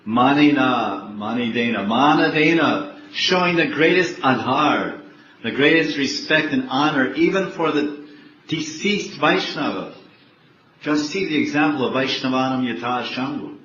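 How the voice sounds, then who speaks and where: A monk giving a sermon, telling a story with lively questions to the audience and acting out its characters. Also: male voice, medium pitch, unhurried, slight background noise. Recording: echoey, dull room recording.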